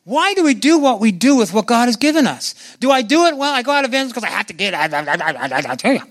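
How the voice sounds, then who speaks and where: A man preaching a sermon to a congregation, asking them questions and acting out scripture with big swings in his voice. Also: fast. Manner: animated, acts out biblical voices with swings in pitch.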